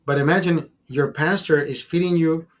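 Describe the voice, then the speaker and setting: A man's voice: a little high, steady tone, normal speed. Heated, profane man ranting to his chat. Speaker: livestream host. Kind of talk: casual talk to a live chat.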